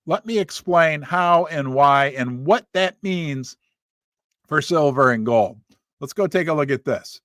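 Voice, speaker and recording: A man's voice: fairly high pitch, expressive, a little slow, fairly bright tone, no room sound. A middle-aged man talks through finance headlines in a slightly raised voice, breaking into emphatic, folksy asides and rhetorical questions. He sounds close to the mic in a dry, dead room. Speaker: host of a finance commentary show. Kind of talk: casual commentary reading news aloud. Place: home studio.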